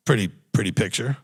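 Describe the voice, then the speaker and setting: A man's voice: fairly low pitch, breathy edge. A man, a rabbi, giving a sermon with blunt, emphatic exhortation and repeated key phrases. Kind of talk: recorded sermon teaching.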